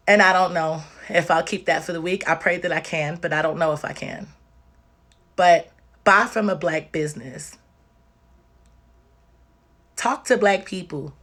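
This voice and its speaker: A woman's voice: lowish voice, moderate pace, a bit bright. A woman talking on a livestream, tearful and exhausted, speaking emphatically and directly with lots of repetition. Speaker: livestream host. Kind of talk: impassioned livestream talk.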